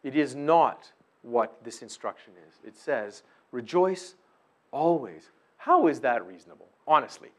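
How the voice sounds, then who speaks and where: A middle-aged man preaching a sermon as a pastor, swinging between loud emphasis and hushed, quiet stretches. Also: medium pitch, big pitch swings, a little slow.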